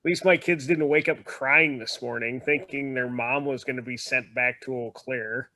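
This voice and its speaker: A man telling animated, wry stories in a casual video-call chat. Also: mid-range voice, normal speed.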